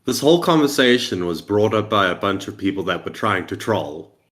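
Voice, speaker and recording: A man with a fairly low voice co-hosts a casual podcast. He explains his points in an insistent, lecturing way and keeps stressing that they are simply facts. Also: lively intonation, fairly quick, fairly bright tone. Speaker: podcast co-host.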